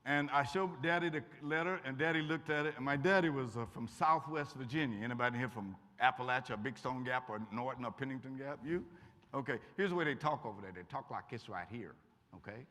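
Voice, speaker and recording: An older man from Kentucky, a guest speaker with a brisk, mid-range voice, gives a lively storytelling talk to students in a college auditorium. His manner is folksy with warm humor, and now and then he acts out what people said. The hall sounds echoey.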